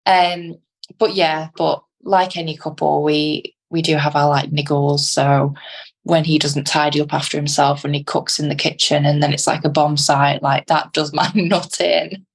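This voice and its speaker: A woman's voice: low-pitched, little pitch movement, normal speed, gravelly. A young British woman co-hosting a podcast, talking casually, laughing often and using British slang. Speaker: podcast co-host. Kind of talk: casual chat.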